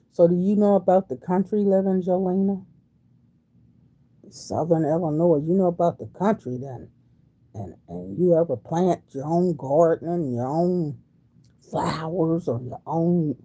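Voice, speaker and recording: Reading comments aloud on her casual livestream, a Wilmington, Delaware woman in her sixties answers viewers in a folksy manner, her dark-toned voice on the low side and measured in pace.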